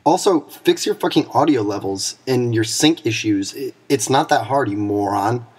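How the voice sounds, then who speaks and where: A young man rants into the camera, swearing constantly and hurling sarcastic insults in a mock-angry comedic tirade. His voice sits at an ordinary middle pitch for a man. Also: lively intonation, moderate pace, breathy edge. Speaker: league commissioner character reviewing videos. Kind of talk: scripted comedic rant to camera.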